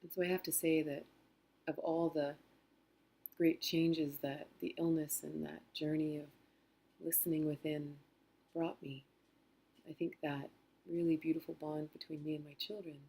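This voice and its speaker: A middle-aged woman telling a personal story in a gentle, reflective way, acting out quotes softly. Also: deep voice, little pitch movement, normal speed, pauses often, slightly rough. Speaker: author and spiritual teacher.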